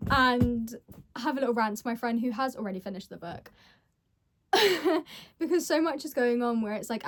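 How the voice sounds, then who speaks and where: A woman's voice: fairly high pitch, no echo. A young woman talking casually in a reading vlog, giggly, emotional and rambling. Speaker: book vlogger.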